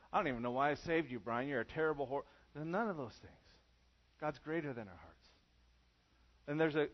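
A man's voice: medium pitch, muffled recording. A man preaching a sermon to a congregation in a church, casual and conversational in how he talks. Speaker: pastor.

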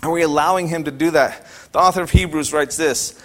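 A man's voice: on the high side, fairly even intonation, a little fast, hardly any pauses. A male pastor preaching a sermon emphatically, firing off rhetorical questions and repeating phrases for emphasis.

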